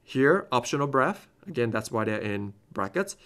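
Bright, clear-voiced male clarinet teacher. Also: mid-range voice, sing-song, moderate pace. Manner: explains phrasing and sings passages on scat syllables. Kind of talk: recorded masterclass instruction.

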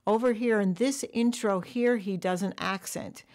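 A woman drum teacher walking through a software tutorial, explaining step by step. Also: medium pitch, normal speed. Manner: explanatory, counts bars aloud along with the music.

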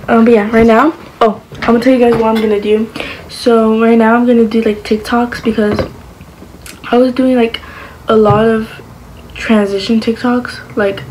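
A woman chatting casually to the camera as a vlogger, her voice sitting a little on the high side. She rambles, backtracks and fills gaps with "like" and "um". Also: steady tone, moderate pace, darkish tone, a little hiss or hum, low-quality recording. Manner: rambling, with many fillers like "like" and "um".

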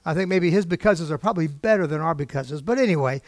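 A man's voice: a little high, animated, fast talker, no room sound, studio quality. A man preaching a sermon from a church pulpit, talking conversationally with his congregation, asking them questions and getting emotionally worked up. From United States. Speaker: pastor.

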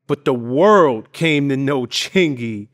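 A man hosting a casual interview, giving shout-outs and asking loose, restarting questions. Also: medium pitch, expressive, takes it slowly, no echo, clean studio sound. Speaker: interview host.

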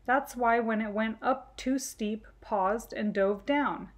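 A proud but kind young boy bear cub from a children's storybook, speaking brightly, as a woman reading aloud puts him on. He sounds upbeat and encouraging. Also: fairly high pitch, slow. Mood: reassuring.

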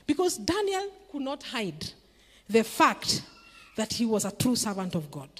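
Woman, middle-aged, sermon, emphatic call-and-response, very animated pitch, reverberant church hall. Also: moderate pace, breathy edge. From Kenya. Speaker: preacher.

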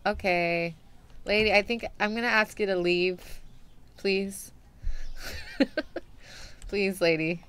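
Young adult woman, virtual streamer, live gameplay commentary, chatty and giggly, slow easy delivery. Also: mid-range voice, fairly even intonation, a bit bright, clean tone. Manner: chatty, talks to game characters, laughs often. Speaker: VTuber streamer.

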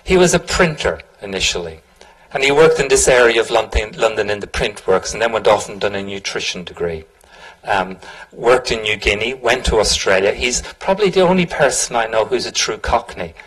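Low-voiced man hosting a talk. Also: expressive, brisk, fairly bright tone, husky, low-quality recording. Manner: chatty, informal, with fillers. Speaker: event host. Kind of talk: event introduction.

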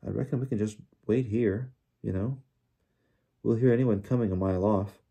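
A wary teenage boy wizard, voiced by a man reading aloud, plain and direct in his speech. The tone is low and dark, with a husky, breathy grain. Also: normal speed, highs cut off. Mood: calm. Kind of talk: audiobook character voice.

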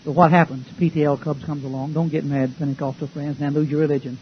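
Here a man preaches fast in a level tone, his voice a little high; he is a pastor delivering a folksy, emphatic sermon and posing rhetorical questions to his flock. The lo-fi recording is dull, with a faint hiss.

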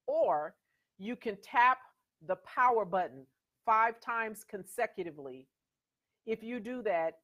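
A middle-aged American woman hosting her own talk show. She speaks in a casual, emphatic way, slipping into quoted voices as she tells stories. Her pitch sits in an ordinary middle range. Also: a bit bright. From USA. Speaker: host. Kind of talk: casual commentary.

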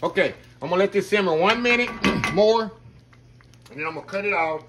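A man's voice: high-pitched, animated, fairly quick. Guy cooking at home, chatty and folksy, bit of faint room noise behind. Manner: folksy, talks to viewers as y'all. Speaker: home cook. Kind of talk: casual cooking video chat.

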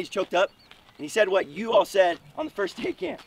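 A man with a very high, animated voice pushes a motivational story along at speed. His tone has a gravelly edge. The mic sits far off, with faint noise underneath. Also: quick pace. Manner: energetic, repeats words for punch. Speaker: wrestling coach speaking at a camp.

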